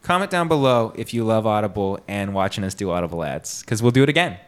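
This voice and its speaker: A man's voice: lowish voice, lively intonation, fast, clean tone. A man hosting a podcast in casual chat, well spoken, with a salesman-like delivery on ad reads. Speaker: podcast host.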